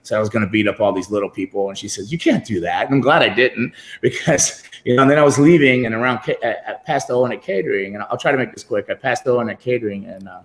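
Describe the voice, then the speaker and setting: A man's voice: medium pitch, quick pace, hardly any pauses, a bit bright, roomy sound. A middle-aged man telling long, rambling stories as an interview guest on a computer video call, often laughing as he talks. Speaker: guest wrestler. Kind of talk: casual interview storytelling.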